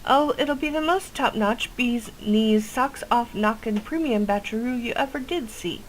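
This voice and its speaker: A woman's voice: on the high side, measured pace, slight background noise, voice pushed up, close to an everyday voice, poor audio. A woman voicing a chatty old witch who brews potions and talks in a folksy, rambling way. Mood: boastful. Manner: folksy, rambling, ends lines with "cha".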